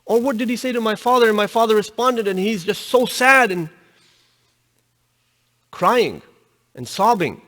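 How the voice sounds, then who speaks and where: A fairly high-pitched man delivers a religious lecture and tells a story with animated emphasis, his voice lifting when he drives a point home. A long reverb from the hall trails after each phrase. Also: unhurried, pauses often. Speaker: religious teacher.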